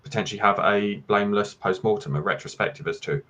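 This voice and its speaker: Male guest, very low and husky voice, measured explainer, video-call audio. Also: fairly bright tone, lo-fi sound. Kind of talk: casual panel discussion.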